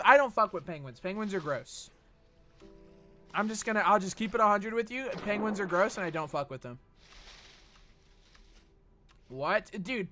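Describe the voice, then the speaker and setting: Male streamer, from Texas, casual and profane, reads chat aloud, bright voice with a wide swing. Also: high voice. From Texas, USA. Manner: rambling, profane, reads chat messages aloud and jokes back. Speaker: gaming streamer. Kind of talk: casual livestream chat while gaming.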